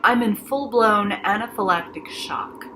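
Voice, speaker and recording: A woman vividly recounting a frightening hospital experience, emotional and animated, acting out the people involved. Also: mid-range voice, measured pace, background noise. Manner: emotional, animated, acts out voices. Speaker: patient telling her story. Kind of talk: dramatic personal storytelling.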